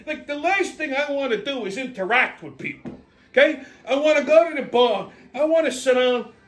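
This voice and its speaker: A fed-up man with a noticeably high voice rants straight to his audience, cursing freely. He trips over himself with stammered restarts as his aggravation builds, sounding worn out by the people around him. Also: a bit bright. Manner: exasperated, sweary, rapid restarts and stammers. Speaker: channel host. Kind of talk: profane ranting monologue.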